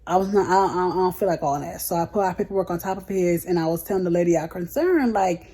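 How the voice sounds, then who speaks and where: This is a young woman chatting straight to her viewers in a casual storytime vlog. Her voice sits a little low, with a dark, mellow tone. She tells the story frankly and heatedly, and she slips into slang easily. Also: fast, slightly rough. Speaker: vlogger.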